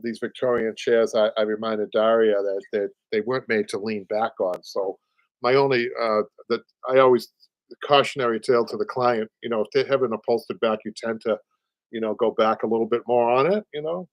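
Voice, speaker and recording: A man with a medium-pitched voice, recorded dry, chats casually on a livestream about upholstery. In his sixties and from the Boston area with a Boston accent, he rambles, repeats words, and laughs frequently.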